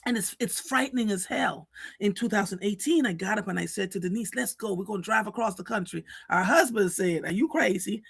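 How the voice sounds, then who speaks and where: A woman hosting a live show, telling stories in an animated, chatty way with many restarts. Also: mid-range voice, a little fast, creaky, husky, dry recording. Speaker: host. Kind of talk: casual storytelling chat.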